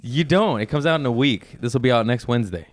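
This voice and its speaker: A man's voice: mid-range voice, lively intonation, quick pace, no echo, clean studio sound. A man hosting a casual comedy podcast, teasing his guest crudely and swearing freely. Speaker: podcast host.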